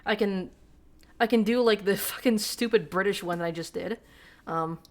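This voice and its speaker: A woman's voice: mid-range voice, normal speed, darkish tone. A woman streamer giving casual, profane, self-deprecating commentary while reading game text aloud.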